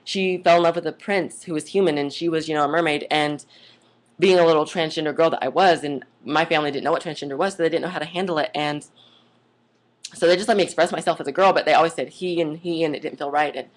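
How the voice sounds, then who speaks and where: Talking fast with fairly even intonation, a deep-voiced young woman delivers a chatty vlog monologue. She is gushing and wanders off on tangents, with plenty of "like" and "oh my God."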